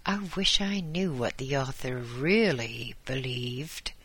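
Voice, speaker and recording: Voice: medium pitch, expressive, takes it slowly, a bit bright, husky, exaggerated voice. A reader voicing a prim, fussy elderly spinster who talks in fluttery exclamations in an audiobook. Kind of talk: audiobook character voice.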